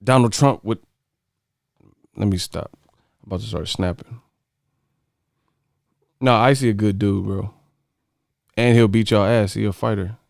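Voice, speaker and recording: A man's voice: lowish voice, gravelly, darkish tone, no room sound. Joking man hosting a livestream, dry mic. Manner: joking, sings snippets and does quick movie impressions. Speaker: livestream host. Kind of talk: casual livestream chat with viewers.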